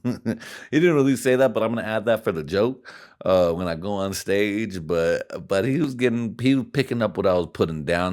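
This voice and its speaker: Male podcast host from California, deep voice, crude rambling comic monologue. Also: moderate pace, darkish tone. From California, USA. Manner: profane, rambling, laughs often at his own jokes.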